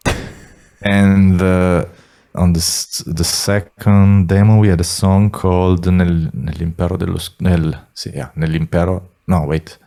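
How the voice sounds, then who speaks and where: A man in his forties speaks English with a clear Italian accent, his voice sitting very low and rough with vocal fry. He chats casually as an interview guest and wanders from point to point. He pokes fun at himself and laughs often. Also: level tone, measured pace, warm tone. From Italy. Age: 40s. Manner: meandering, self-deprecating, laughs often. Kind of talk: casual chat.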